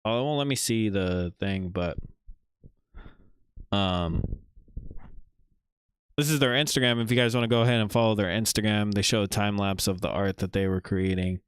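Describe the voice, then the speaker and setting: A man hosting a casual livestream, chatting in a relaxed, rambling way with many fillers while showing viewers' art. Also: on the low side, moderate pace, pauses often, clean tone. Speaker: livestream host.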